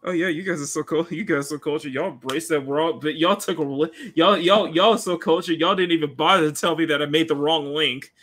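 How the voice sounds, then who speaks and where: Giggly high-voiced streamer man. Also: quick pace, hardly any pauses, a bit bright. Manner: giggly, laughs often, playful teasing. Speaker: livestream host. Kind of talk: casual livestream chat while drawing.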